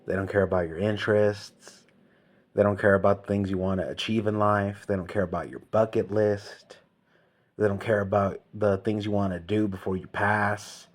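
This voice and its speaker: Low-voiced man ranting. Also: little pitch movement, normal speed. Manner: ranting, emphatic, repetitive, slangy. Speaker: vlogger. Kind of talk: comic rant monologue.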